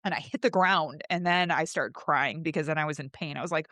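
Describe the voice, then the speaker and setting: A woman's voice: low voice, a little fast, a bit bright, dry recording. A woman hosting a podcast, telling her own story candidly and emotionally, with swearing, and raising her voice when she acts out her past pleas. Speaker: host.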